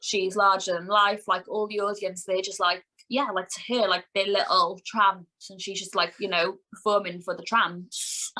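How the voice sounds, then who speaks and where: Bright-voiced chatty woman in her thirties. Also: mid-range voice, level tone, normal speed, hardly any pauses, poor audio. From Wales. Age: 30s. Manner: chatty, rambling, heavy use of "like". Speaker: guest, wrestler. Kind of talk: casual podcast interview.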